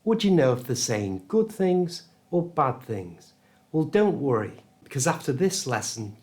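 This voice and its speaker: Slow, careful British English teacher. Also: male voice, medium pitch, darkish tone. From United Kingdom. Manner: careful, clear pronunciation coaching. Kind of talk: scripted language lesson.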